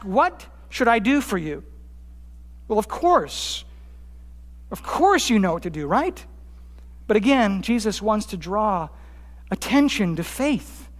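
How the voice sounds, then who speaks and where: A pastor preaching a sermon, rising for quoted cries and dropping low on his key points. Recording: long hall reverb.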